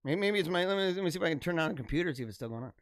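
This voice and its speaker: A man in his thirties hosts a live stream from his computer, talking in a loose, rambling way and laughing a lot. His voice sits a little high. The sound is dry and close, with no room around it. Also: very fast, no echo. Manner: rambling, energetic, laughs often. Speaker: livestream host. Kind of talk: casual live-stream chat.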